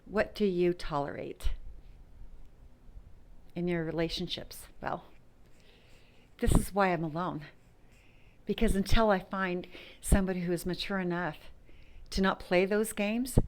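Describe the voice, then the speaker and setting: Speaking personally to the camera, a woman with a fairly low voice talks frankly and emphatically to her viewers about self-worth and walking away from bad relationships. Now and then she drops to a whisper, with slight background noise present.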